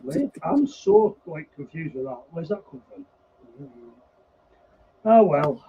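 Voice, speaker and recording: High-voiced sweary man, lo-fi. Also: sing-song, slow, vocal fry, dark tone. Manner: sweary, blunt banter. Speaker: regular co-host. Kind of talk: casual pub-style live chat. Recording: dull lo-fi sound with faint noise.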